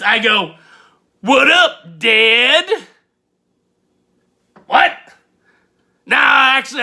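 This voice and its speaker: Man doing a gravelly, shouting wrestling-promo braggart. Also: extremely high pitch, voice pushed up, exaggerated voice. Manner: shouty, calls everyone brother and daddy. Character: brash boastful male wrestling-promo persona.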